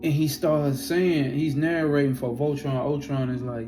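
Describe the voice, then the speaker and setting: A man casually telling a spiritual experience story in a profane, animated way. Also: a little high, normal speed, few pauses, over music.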